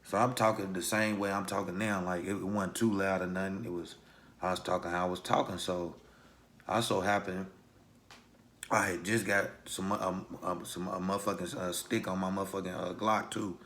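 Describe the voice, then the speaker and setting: A young man from Louisville, Kentucky, casually telling a personal story in heavy street slang with animated retelling. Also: low-pitched, moderate pace. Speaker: vlogger.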